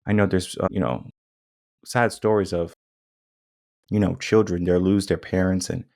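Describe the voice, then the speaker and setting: Deep-voiced man giving an emphatic monologue. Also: steady tone, normal speed, a little mellow. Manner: emphatic, repeats points, acts out quotes in changed tones. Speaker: podcast host. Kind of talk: casual monologue.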